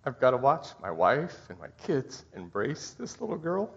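A middle-aged male pastor delivers a heartfelt Christmas sermon in a husky, slightly raspy voice. His pitch swings widely as he speaks, halting and tender at moments. The recording sounds dull and muffled. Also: huge pitch swings. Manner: heartfelt, halting, tearful at times.

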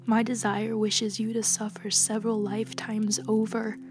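A woman voicing a calm, forgiving young woman healer who speaks softly and in a measured way, with music playing behind. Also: mid-range voice, lightly acted. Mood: grave. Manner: soft, calm, measured speech.

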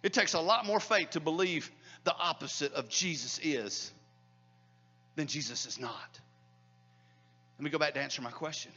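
A middle-aged male pastor preaching a sermon in a church hall, swinging between loud declarations and hushed near-whispers. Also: on the high side, normal speed, pauses often, breathy edge, lo-fi sound, faint music behind.

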